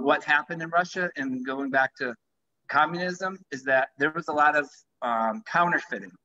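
A man's voice: mid-range voice, bright, forceful tone. A man who founded a vodka company, talking enthusiastically about his product in a live-streamed conversation. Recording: dull lo-fi livestream audio.

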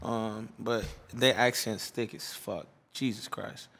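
A man's voice: fairly low pitch, steady tone, slow, fairly bright tone. A young man from Chicago, a DJ, chatting casually in an interview, joking, profane and rambling. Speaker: DJ guest.

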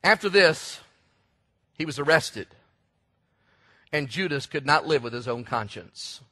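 A male preacher delivers a sermon in a high, bright and forceful voice. He tells stories with lively energy and now and then bursts into shouts to drive a point home. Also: a little slow. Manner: animated storytelling preacher, shouts for emphasis. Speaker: pastor.

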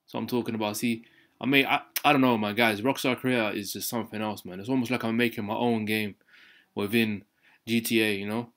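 A young man giving excited, slangy commentary on his gameplay, talking straight to his viewers as a regular YouTube host. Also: lowish voice, fast. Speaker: gaming YouTuber.

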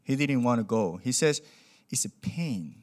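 Lively young male preacher. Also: mid-range voice, unhurried. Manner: animated, acts out quoted voices, non-native grammar. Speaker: pastor. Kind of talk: sermon with storytelling.

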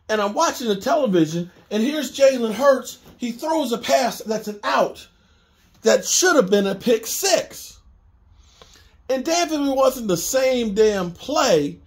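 A middle-aged man talks sports in a loose, rambling monologue, circling back and repeating phrases. His voice sits high for a man and swings widely up and down. The sound is roomy, with a noticeable echo. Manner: animated, repetitive, conversational. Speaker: sports commentator. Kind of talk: casual sports talk monologue.

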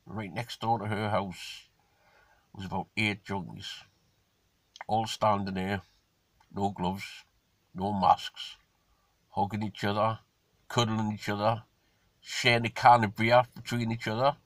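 A man's voice: lowish voice, level tone, slow, long pauses, a bit bright, no room sound. A man giving a casual, ranting monologue, blunt and indignant. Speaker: vlogger.

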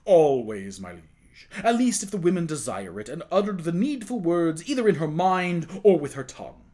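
A man's voice: a little high, sing-song, moderate pace, dark tone. A man voicing a deferential male court official answering the king.

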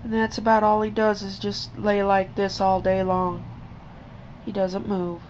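A woman vlogger talking softly to her old cat and her viewers, in tender coaxing baby talk, sometimes whispering. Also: mid-range voice, monotone, lo-fi sound, a little hiss or hum. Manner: slow, gentle, at times whispered. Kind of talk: soft chat to a pet and viewers.

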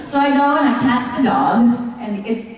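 A woman on a convention panel telling a story, animated, swearing casually and laughing as she goes. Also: fairly high pitch, normal speed. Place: large convention hall with a crowd. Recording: echoey hall from far off, crowd noise.

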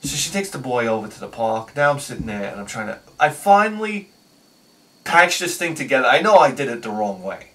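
A man telling a personal story on his video channel, excitable, swinging between loud bursts and quiet asides. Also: medium pitch, fairly quick, far from the mic. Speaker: video host.

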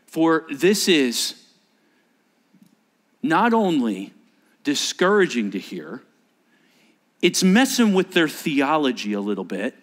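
A man's voice: medium pitch, fairly bright tone. A man preaching a sermon in church, dramatically acting out the voices of the people in his story. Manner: dramatic, acts out quoted disciples with shifting voices. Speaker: pastor.

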